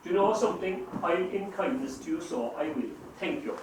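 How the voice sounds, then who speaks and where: A man's voice: high voice, brisk, lightly acted. A man playing a kind, apologetic stranger in an amateur stage play, heard from far off on an echoey stage. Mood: humble. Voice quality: soft-spoken and apologetic. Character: kind, humble wandering stranger. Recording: echoey stage recorded from far off with faint hiss.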